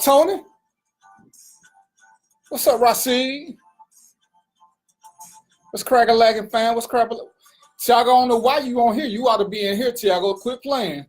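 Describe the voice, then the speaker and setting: A man hosting an internet radio talk show, slangy and casual, greeting viewers by name. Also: very high-pitched.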